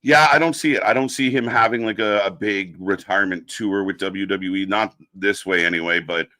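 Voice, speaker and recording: A man's voice: sits low, moderate pace, sharp tone, no echo. A young man hosting a live wrestling stream, casually greeting chatters by name in an upbeat way. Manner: rattles off chat names and greetings, upbeat. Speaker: host of a live wrestling watch-along stream.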